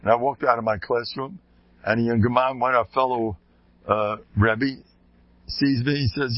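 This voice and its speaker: A man's voice: mid-range voice, normal speed, dry recording, dull audio. An older man, a rebbe, giving an informal Torah talk, joking and sprinkling in Hebrew and Yiddish terms. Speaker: rebbe teaching a Torah class.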